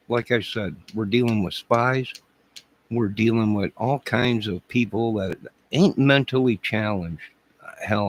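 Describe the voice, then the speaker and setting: A man's voice: lowish voice, vocal fry, slightly rough, low-quality recording. A man hosting a YouTube live stream, answering viewer comments in a rambling, crude and mocking way. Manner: combative, crude, mocking and sarcastic.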